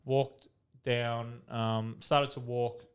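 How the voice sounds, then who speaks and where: A man's voice: medium pitch, flat delivery, extremely slow, clear, resonant tone. A man in his thirties with an Australian accent, a retired footballer chatting as a guest and telling candid, rambling stories with swearing and laughter. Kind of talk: casual podcast storytelling.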